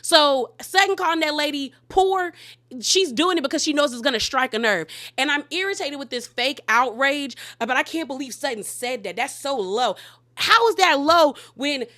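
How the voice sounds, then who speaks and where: A woman's voice: high-pitched, animated, normal speed, pushed and bright. A woman recapping a reality show in chatty, opinionated commentary, full of "like" and retold dialogue. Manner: chatty, opinionated, heavy use of "like". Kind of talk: casual commentary, retelling scenes.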